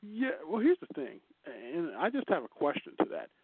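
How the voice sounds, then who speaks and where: A man's voice: a little high, huge pitch swings, moderate pace, slightly rough, dry recording. A man co-hosting a casual news chat show, chatty and teasing, laughing often. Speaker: co-host. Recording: dry, tinny phone-like line.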